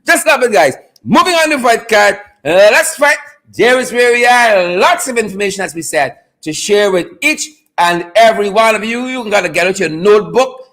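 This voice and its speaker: Guy hosting a live stream, high bright voice, loud and playful, chanting catchphrases. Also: animated, moderate pace. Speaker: live show host. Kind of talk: hyped live stream chat.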